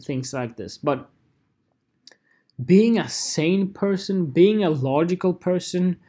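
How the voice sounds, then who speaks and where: A man's voice: a little high, darkish tone. A man hosting a podcast alone, talking casually in a rambling, profane, self-deprecating way. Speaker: podcast host.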